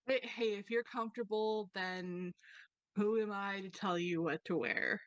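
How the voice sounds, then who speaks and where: A woman's voice: mid-range voice, fairly even intonation, no echo, dull audio, lightly acted. Awkward sweet dad from a tabletop game, woman doing him, stumbles over words, dry mic. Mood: fond. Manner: halting, stammering, gently reassuring. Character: kind, awkward middle-aged father, restaurant owner.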